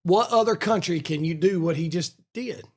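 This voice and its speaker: A man's voice: sits high, normal speed, breathy edge. A man co-hosting a podcast who puts his opinions forward emphatically in casual chat. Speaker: podcast co-host.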